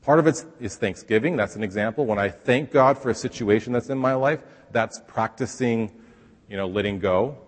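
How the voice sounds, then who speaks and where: A man's voice: medium pitch, normal speed. Conversational male pastor, echoing hall. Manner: conversational, acts out quoted voices. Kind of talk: sermon.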